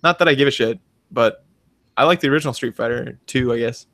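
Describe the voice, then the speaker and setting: A man in his thirties co-hosts a casual gaming podcast. He talks in an animated way and acts out the lines in his stories. The sound is dry and close, with no room echo. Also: medium pitch, fast, creaky. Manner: animated storyteller, acts out quotes in big voices. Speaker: podcast co-host. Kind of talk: casual chat.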